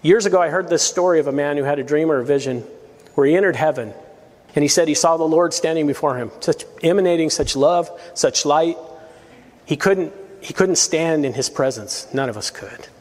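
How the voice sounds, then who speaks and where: A man's voice: on the high side, a little fast, a little mellow, long reverb tail. A man preaching a verse-by-verse sermon as pastor, earnest and emphatic, with rising appeals to his listeners. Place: church sanctuary.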